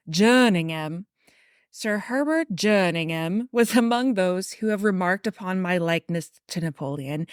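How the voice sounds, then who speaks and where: A woman putting on a British accent to voice a boastful older English gentleman, a proud father, in a stately, self-satisfied way. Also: lowish voice, smooth, no echo, clean studio sound, close to an everyday voice. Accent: British, put on.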